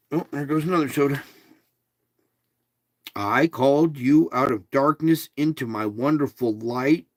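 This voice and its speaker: A man talks through a devotional at an unhurried pace, reading passages and then explaining them plainly to his listeners. His voice sits at an ordinary middle pitch and sounds dry and close, with no room around it. He keeps checking in with his listeners as he goes. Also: no room sound. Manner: conversational, checks in with "okay?"; reads devotional passages aloud, then comments. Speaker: devotional teacher. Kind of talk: casual devotional teaching.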